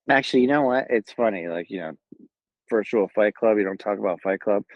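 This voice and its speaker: A man's voice: lowish voice, no echo. A man from Southern California with a Southern Californian accent, casually telling his own story in a rambling, laid-back way with lots of fillers and restarts. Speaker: Marine Corps veteran telling his story. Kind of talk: casual first-person storytelling. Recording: dull lo-fi, dry sound.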